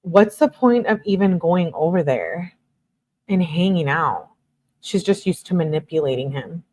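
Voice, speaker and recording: A woman's voice: lowish voice, lively intonation, unhurried, darkish tone, no echo. A woman reads a couple's text messages aloud and breaks in with sarcastic, exasperated remarks. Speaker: true crime commentator. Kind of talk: reading texts aloud with commentary.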